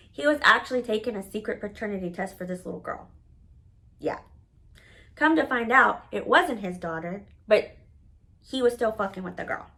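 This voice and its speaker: A woman telling a personal story to camera in a casual, candid, profane manner, animated and dramatic. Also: on the high side, rough recording. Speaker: storytelling vlogger.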